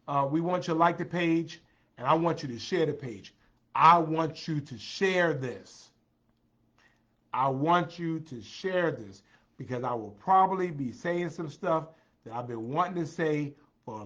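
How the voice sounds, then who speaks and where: A man's voice: a little high, lively intonation, measured pace, highs cut off. Tired man hosting a livestream. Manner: greets viewers by name, repeats phrases. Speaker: livestream host. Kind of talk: casual livestream chat.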